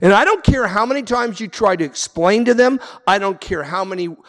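A man's voice: high-pitched, lively intonation, brisk, a bit bright, in a large hall. A man preaching a sermon as pastor, emphatic, with repeated refrains. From Southern California.

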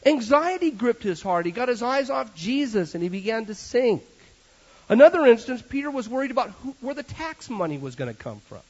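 A pastor preaching, his voice sitting high and leaping up and down as he tells his stories. He mixes the message with joking asides. The recording of the sermon is dull and lo-fi. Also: fairly quick, slightly rough. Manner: animated storyteller with joking asides.

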